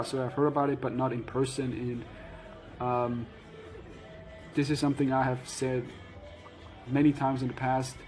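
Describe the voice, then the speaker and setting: A man vlogging casually, reading out viewer questions and answering them frankly, with frequent pauses and fillers. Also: mid-range voice, a little mellow, poor audio. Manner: frank, matter-of-fact, hesitant with fillers. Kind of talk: casual Q&A chat.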